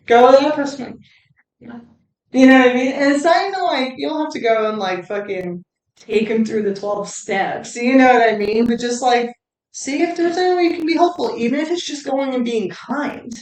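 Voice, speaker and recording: A woman's voice: high voice, normal speed, distant mic. Blunt, swearing woman in echoey room. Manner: blunt, heavy swearing, animated asides. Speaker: recovery channel host. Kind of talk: casual candid talk.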